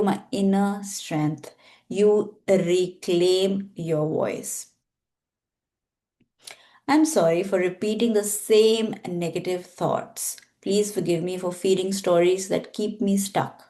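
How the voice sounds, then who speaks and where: Brief: woman healer guiding a practice, low and mellow, slow deliberate affirmations.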